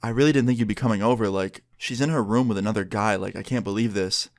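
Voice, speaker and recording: A man's voice: on the low side, quick pace, dry recording, studio quality, natural voice. A man voicing an upset, frank young female roommate in his own voice.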